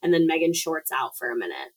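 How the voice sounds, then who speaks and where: Woman, lowish pitch, casual, profane, filler-heavy storytelling. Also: sing-song, fast, poor audio. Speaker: podcast co-host. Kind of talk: casual movie recap.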